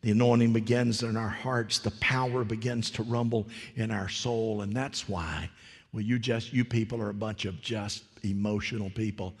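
Husky preacher man in a reverberant hall. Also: on the low side, steady tone, normal speed. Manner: swings from hushed whispers to loud rising exclamations. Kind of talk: sermon.

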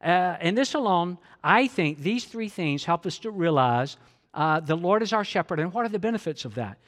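A man's voice: high voice, expressive, normal speed, a bit bright. A male pastor preaching a sermon earnestly, repeating key phrases and leading the congregation to read along. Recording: long hall reverb.

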